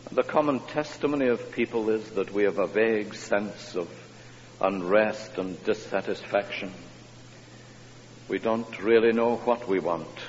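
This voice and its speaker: A man preaching a sermon with impassioned delivery that rises to high, emphatic peaks. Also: measured pace. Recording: dull reverberant church recording with faint hum.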